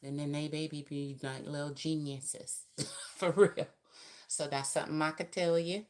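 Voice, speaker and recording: Woman, low voice, chatty live-stream tarot reader with emphatic spiritual asides. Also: fairly even intonation, a little slow, a little mellow.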